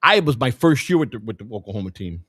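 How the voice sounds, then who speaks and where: A man hosting his own show tells a long personal story in a loose, rambling style, talking fast with big pitch swings in a medium, fairly bright voice. He swears often, repeats words, and restarts sentences, and the recording is dry and studio quality.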